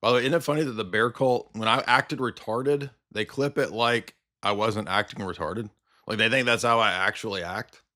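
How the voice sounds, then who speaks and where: A man's voice: fairly low pitch, normal speed, sharp tone. A man hosting a livestream, ranting in a combative, sarcastic commentary style. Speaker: livestream host.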